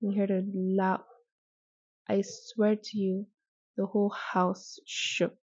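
A young woman from Nigeria speaking softly and hesitantly in a personal reflective monologue, recorded at home with the mic sometimes out of reach. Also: mid-range voice, flat delivery, takes it slowly, slightly rough, dry recording. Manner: soft-spoken, hesitant, with restarts. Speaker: podcast host. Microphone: distance varies, mic briefly out of reach. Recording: dull, muffled home recording.

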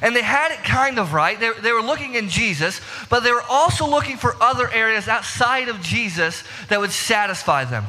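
Young male pastor, high and very bright voice, casual sermon with long hall reverb. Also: expressive, fairly quick, hardly any pauses. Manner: casual, chatty, addresses the congregation directly. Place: church sanctuary.

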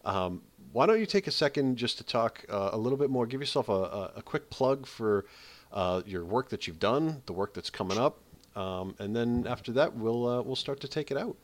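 A man hosting a podcast, talking in a loose, halting way with many fillers. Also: mid-range voice, lively intonation. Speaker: podcast host.

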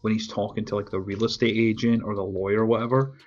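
A man's voice: fairly low pitch, fast. A man casually talking over a movie in a podcast, swearing often and laughing as he retells scenes. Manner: profane, animated, laughs often. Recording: dull lo-fi audio with faint music.

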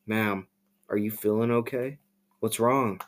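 Calm male cop, read by a man in his own voice, steady and by the book. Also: fairly low pitch, measured pace, close to an everyday voice. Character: calm male police officer.

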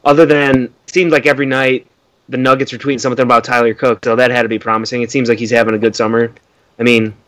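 A young man on a casual sports podcast, offering dry, sarcastic comebacks in an ordinary mid-pitched voice. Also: poor audio. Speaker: podcast co-host.

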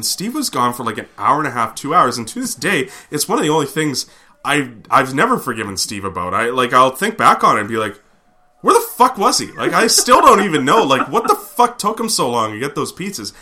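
A man from Canada, telling rambling, profane stories on a casual podcast. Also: medium pitch. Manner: animated, profane, rambling with fillers. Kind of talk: casual storytelling.

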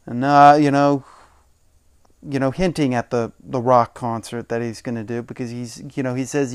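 A man hosting a podcast, recapping old wrestling shows in a casual, chatty way, laughing often and quoting wrestlers in animated bursts. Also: medium pitch, normal speed, clear, resonant tone, no room sound, studio quality. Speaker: podcast host.

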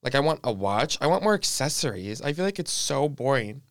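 A man's voice: mid-range voice, very animated, brisk, no echo, clean studio sound. A young man co-hosting a podcast, telling rambling, self-mocking stories in a casual chat. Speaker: podcast co-host.

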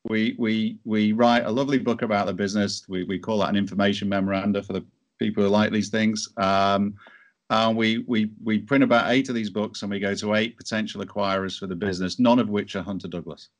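An entrepreneur guest in an interview tells a business story chattily, restarting often. His low voice stays steady and brisk, and the recording is muffled.

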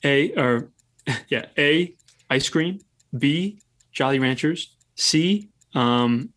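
A man running a casual podcast quiz, reading out multiple-choice questions with pauses and ums. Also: fairly high pitch, expressive, a bit bright. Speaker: quiz host running the game.

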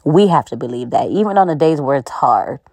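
A woman's voice: very deep voice, lively intonation, a little fast, darkish tone, slightly rough, no room sound. A woman hosting a podcast, giving an encouraging faith-based pep talk in a conversational, preachy way with frequent laughs. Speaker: podcast host.

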